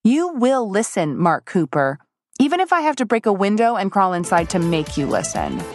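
A woman's voice: on the low side, expressive, moderate pace, music in the background, close to an everyday voice. A woman reading a stubborn, outspoken young woman. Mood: determined. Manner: insistent, raised voice.

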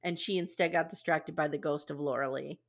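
Podcast host lady, lowish voice, easygoing recaps. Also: steady tone, a little fast. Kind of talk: casual podcast chat.

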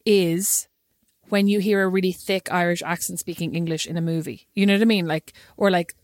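A woman's voice: fairly low pitch, steady tone, a little fast, no echo, studio quality. A woman chatting casually as a podcast co-host, teasing her friend dryly and often asking "you know what I mean". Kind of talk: casual chat.

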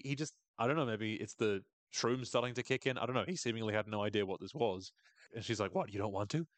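A man's voice: fairly low pitch, a bit bright, no room sound. A man hosting a podcast, recapping a TV episode in a casual, irreverent way, swearing and laughing often. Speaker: podcast host.

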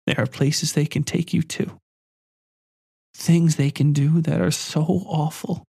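A man voicing a worn, fearful woman who gives hushed, urgent warnings. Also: on the high side, fairly even intonation, slow, vocal fry, husky, dry recording, studio quality, voice pushed up, heavily acted.

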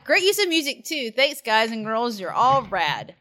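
A woman's voice: fairly high pitch, sing-song, normal speed, sharp tone. A woman co-hosting a podcast, reading listener reviews aloud in a giggly, casual way. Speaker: podcast co-host.

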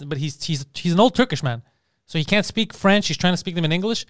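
A man with a high voice rattles along at a fast clip, cursing and jumping into quoted voices as he retells an anecdote. The sound is dry and close, with no room around it. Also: fairly bright tone, smooth, no room sound. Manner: rapid, profane, acts out quoted voices. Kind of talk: casual chat.

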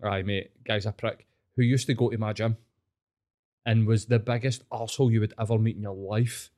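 Talking a little fast in a lowish voice, a Glaswegian podcast host swears a lot while animatedly telling stories in casual chat. His accent is Scottish, from Glasgow.

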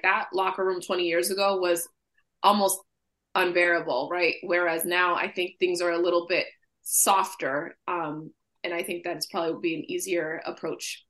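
A woman's voice: fairly low pitch, bright, forceful tone. Chatty woman with a Boston accent. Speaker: podcast co-host. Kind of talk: casual chat.

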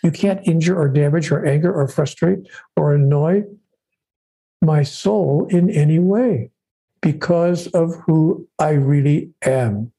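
An interview guest discusses spirituality in a slightly high, warm voice that is deeply husky and breathy. He speaks in a measured, emphatic way, piling phrases into rhythmic lists. The recording is rough.

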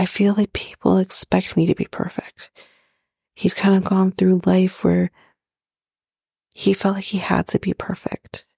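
A woman's voice: on the low side, creaky, warm tone, husky, no room sound, studio quality. A woman from Canada hosting a podcast, chatting casually through a TV episode recap with fillers, asides and swearing.

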